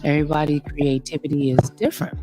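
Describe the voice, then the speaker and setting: A middle-aged woman hosting a casual live stream, thinking aloud in an unhurried way while she sets up her audio gear. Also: deep voice, flat delivery, warm tone, faint music behind, low-quality recording. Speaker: YouTube host.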